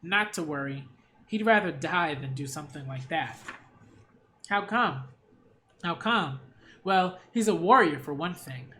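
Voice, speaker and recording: A male actor voicing a sly, mocking middle-aged mercenary leader in an anime dub, with a calm, drawling, taunting delivery. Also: a little high, measured pace, pauses often, slight background noise.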